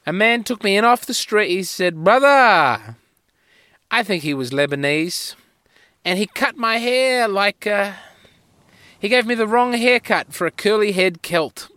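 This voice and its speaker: A man's voice: sits high, animated, moderate pace, pushed and bright, smooth, no echo. A man hosting a podcast, telling rambling, wry, self-mocking stories in a solo monologue on a close mic. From Australia. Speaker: podcast host.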